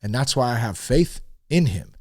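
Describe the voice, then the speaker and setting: A man in his thirties hosting a podcast, talking frankly in a casual, animated monologue. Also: medium pitch, normal speed, dry recording, studio quality. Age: 30s. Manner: animated and frank, with swearing and rising emphasis. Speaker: podcast host.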